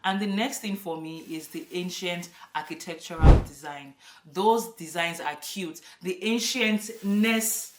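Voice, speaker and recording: A woman's voice: on the low side, measured pace, very noisy. Chatty Nigerian woman in an echoey room. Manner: chatty, emphatic, laughs often. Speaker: vlogger. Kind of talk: casual to-camera vlog. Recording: echoey room, a bit far from the mic.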